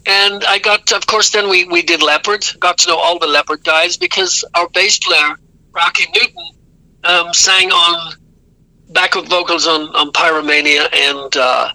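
A man's voice: a little high, fairly even intonation, unhurried, bright, forceful tone, no echo, poor audio. A man telling rambling, self-correcting stories as an interview guest. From Ireland. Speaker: guest musician. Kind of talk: casual storytelling interview.

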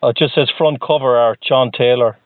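A man's voice: medium pitch, steady tone, a little fast, no room sound. A man interviewing a guest, asking brief, prompting questions in casual chat. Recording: tinny phone-line audio.

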